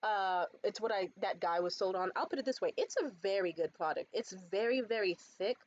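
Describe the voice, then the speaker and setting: A young woman in casual vlog chat about a beauty haul, animated and swearing freely, jumping up high when quoting others. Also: brisk, dull audio. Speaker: beauty vlogger. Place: bedroom.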